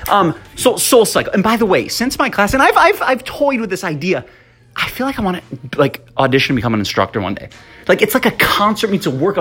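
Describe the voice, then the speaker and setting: A young man hosts his solo podcast in an eager, rambling way and sounds slightly out of breath. His voice is husky and swings a lot in pitch, with faint music in the background. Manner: excitable, upbeat, full of fillers. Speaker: podcast host. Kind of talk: casual solo podcast monologue.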